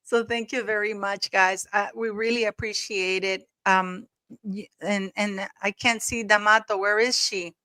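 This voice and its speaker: A woman hosts a casual livestream in a chatty, rambling way, often restarting her sentences. She thanks viewers over and over with effusive warmth. Her voice sits at an ordinary middle pitch, and the recording is close and dry. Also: fairly even intonation, a little slow, no room sound. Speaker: livestream host.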